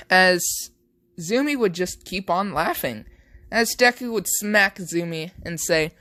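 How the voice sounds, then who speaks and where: A man's voice: high-pitched, lively intonation, measured pace, pushed and bright, dry recording. A young man casually narrating an improvised fan story, rambling with many fillers.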